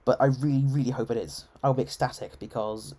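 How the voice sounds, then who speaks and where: A man's voice: mid-range voice, fairly even intonation, a little fast, a little mellow. A man with an English received-pronunciation accent, giving chatty live gameplay commentary full of ums and restarts. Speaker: game streamer.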